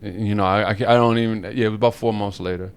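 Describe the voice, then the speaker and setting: Guy cohosting a podcast, kinda low voice, rambly and animated, cracks himself up a lot. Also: fast talker, clear, resonant tone. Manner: animated, rambling storyteller who laughs often. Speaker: podcast co-host. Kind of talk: casual chat.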